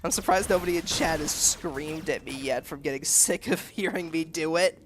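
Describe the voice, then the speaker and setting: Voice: medium pitch, normal speed, a little hiss or hum. A streamer giving joking, chatty live gameplay commentary and talking to the chat.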